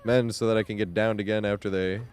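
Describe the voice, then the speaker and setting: A man's voice: lowish voice, flat delivery, fast talker, darkish tone, clear, resonant tone. Young man rambling on a game stream. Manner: rambling, swears a lot, laughs often. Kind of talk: casual live-stream chat.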